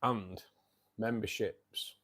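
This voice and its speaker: A Manchester man hosts a relaxed live stream, reading out viewer comments and calling everyone mate. His Northern English voice is lowish and fairly bright, with a steady tone and a very slow delivery.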